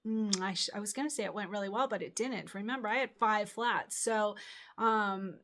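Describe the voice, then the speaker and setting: A woman's voice: mid-range voice, normal speed, fairly bright tone, a little hiss or hum. A middle-aged woman hosting her own channel, telling a personal story in a rambling, chatty way with many fillers and restarts. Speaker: channel host. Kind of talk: casual storytelling.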